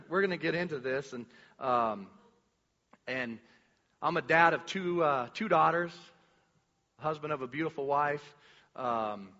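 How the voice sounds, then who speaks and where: A man telling a personal story to a congregation, rambling and animated, with many restarts and fillers, acting out the lines he quotes. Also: on the high side. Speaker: church speaker sharing a testimony. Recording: dull recording with long hall reverb.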